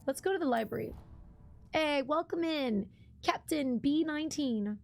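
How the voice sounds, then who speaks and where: A woman's voice: high voice, moderate pace, vocal fry. A woman streamer giving casual live gameplay commentary, chatty and greeting her chat with plenty of ums.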